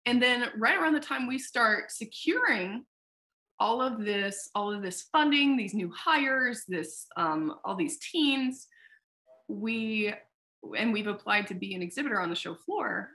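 A woman founder talking casually in an interview, telling a story with animated, acted-out quotes and casual swearing. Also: a little high, measured pace. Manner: animated storyteller who acts out quoted dialogue. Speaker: founder of a sex tech company, podcast guest.

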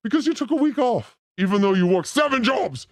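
A man's voice: extremely high pitch, lively intonation, a little fast, no echo, clean studio sound. A man hosting a podcast with a crude, theatrical, joking manner. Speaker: podcast host. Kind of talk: crude casual banter.

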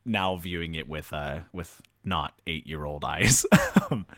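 Low-voiced man rambling casually. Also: measured pace, a bit bright, no echo, studio quality. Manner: rambling, filler-heavy, laughs often. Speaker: podcast co-host. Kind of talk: casual chat.

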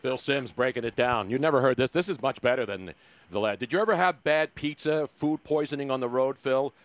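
A man's voice: medium pitch, brisk. Chatty male podcast host. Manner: chatty, rambling questions. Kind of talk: casual interview chat.

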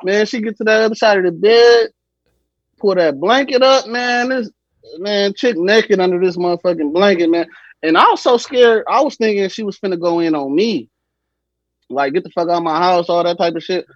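A young man telling a funny story on a podcast, animated, slangy and laughing often. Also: sits high, normal speed, no echo, dull audio. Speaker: podcast guest. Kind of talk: casual storytelling.

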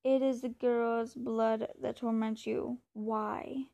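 Woman reading as a soft-spoken commanding male vampire stranger, low gravelly voice, flat delivery, storybook. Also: slow pace. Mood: menacing. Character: menacing ancient male bloodsucking stranger.

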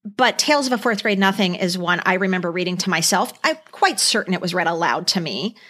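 A woman's voice: fairly low pitch, a little fast. A woman in her fifties co-hosting a podcast, chatting casually and retelling stories with animation. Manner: animated retelling, acts out characters' lines. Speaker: podcast co-host. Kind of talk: casual chat.

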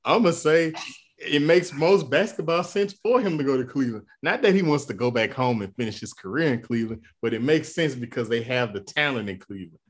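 A man's voice: mid-range voice, expressive, a little fast, breathy edge. A man co-hosting a casual sports podcast, arguing his point insistently in colloquial speech. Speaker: podcast co-host.

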